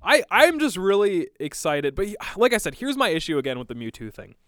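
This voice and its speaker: Excitable young man, smooth dry voice. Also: sits high, fairly quick, no room sound. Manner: excitable, rambling, swears freely. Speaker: podcast co-host. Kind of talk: casual chat.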